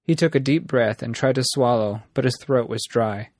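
A man narrating a story in an even, measured reading. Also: medium pitch, dry recording, clean studio sound. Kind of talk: audiobook narration.

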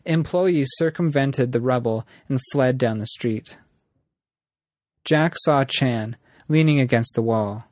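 A man narrating a story in an even, measured reading. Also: medium pitch, no echo, studio quality. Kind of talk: audiobook narration.

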